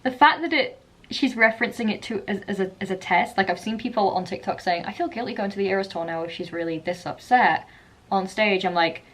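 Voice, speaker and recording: A woman vlogger chatting casually about an album, talking in quick bursts with restarts. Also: mid-range voice. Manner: chatty, restarts and laughs often. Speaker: music vlogger.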